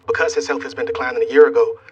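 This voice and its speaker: A man pleading his case in a TV courtroom, talking fast and earnestly while deferring to the judge. His voice is a little husky and sits far from the mic. Faint music runs underneath. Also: medium pitch, steady tone, lo-fi sound. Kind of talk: courtroom testimony.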